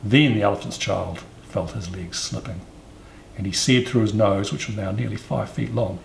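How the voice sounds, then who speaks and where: A man reading a storybook aloud in an expressive, sing-song storyteller's manner. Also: fairly low pitch, moderate pace, creaky, slight background noise. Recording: roomy echo, faint ambience.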